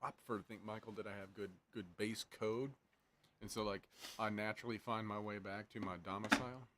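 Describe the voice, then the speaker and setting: Dry-humored man with a low voice. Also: fairly even intonation, a little fast, pushed and bright. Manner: dry, wry quips. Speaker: guest. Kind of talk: casual live-stream chat. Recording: faint background noise.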